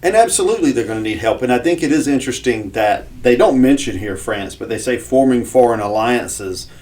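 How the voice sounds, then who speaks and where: A man's voice: medium pitch, expressive, a little fast, a little mellow. A man co-hosting a history podcast, reading old documents aloud and explaining them with asides. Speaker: podcast co-host. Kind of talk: casual history discussion, reading quotes aloud.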